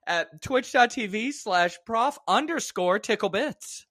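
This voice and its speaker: Co-host, casual chat, wry teasing asides; lively intonation in a dry room. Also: mid-range voice, unhurried, hardly any pauses, dry recording. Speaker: podcast co-host.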